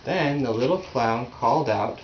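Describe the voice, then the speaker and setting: A man patiently reading a picture book aloud to a child at home, gently prompting along. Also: medium pitch, animated, unhurried, highs cut off, slight background noise. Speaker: reader.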